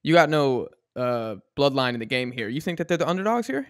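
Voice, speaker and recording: A man's voice: mid-range voice, big pitch swings, fairly quick, dry recording, studio quality. A man with an American accent co-hosting a casual football podcast, ranting animatedly in slang. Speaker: podcast co-host. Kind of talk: casual sports chat.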